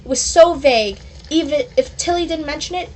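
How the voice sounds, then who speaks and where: A woman's voice: high-pitched, brisk, darkish tone, slight background noise. Chatty woman reading her story aloud. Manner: chatty, self-interrupting asides. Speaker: reader of her own story. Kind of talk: casual storybook read-aloud with asides.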